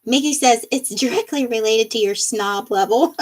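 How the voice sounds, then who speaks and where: A woman's voice: on the high side, moderate pace, rough recording. A woman hosting a casual livestream, reading viewer comments aloud and laughing often between them. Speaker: livestream host. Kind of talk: casual live-stream chat reading comments.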